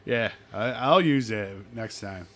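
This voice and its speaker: A man's voice: medium pitch, lively intonation, slow pace, a bit bright. A man hosting a casual chat over drinks, rambling, laughing often and swearing freely. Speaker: podcast host.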